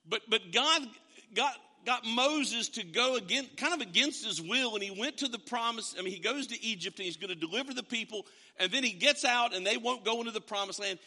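A man's voice: extremely high pitch, pushed and bright. A middle-aged male pastor preaching a sermon, telling stories, acting out dialogue and asking the congregation questions. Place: church hall. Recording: long hall reverb.

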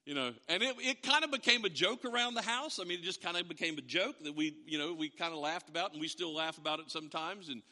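A man preaching a sermon, telling a family story with animated, acted-out quotes. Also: on the high side, quick pace, few pauses, long reverb tail. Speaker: pastor.

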